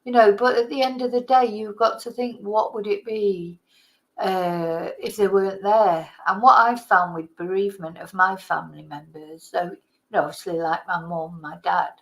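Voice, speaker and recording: A woman's voice: mid-range voice, steady tone, moderate pace, poor audio. Chatty, tired woman live-streaming. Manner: chatty, rambling, greets viewers warmly by name. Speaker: livestream host. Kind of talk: casual live chat.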